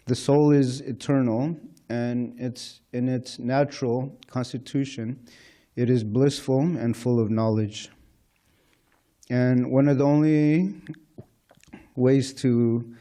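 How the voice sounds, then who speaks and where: A man's voice: mid-range voice, mellow. A man giving an informal scripture class at a temple, talking conversationally with frequent "you know" and chuckles. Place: temple lecture hall.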